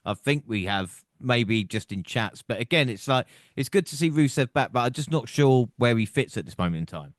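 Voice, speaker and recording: A man hosting a podcast, recapping events in plain, steady run-downs and passing the talk to his co-hosts. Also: mid-range voice, moderate pace, hardly any pauses, no echo, studio quality. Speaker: podcast host. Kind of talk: casual recap and discussion.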